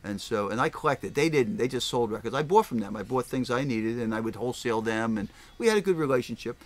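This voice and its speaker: Older man, record store owner, casual rambling storytelling, acts out quoted voices, mid-range pitch. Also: animated, quick pace. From Philadelphia area, US.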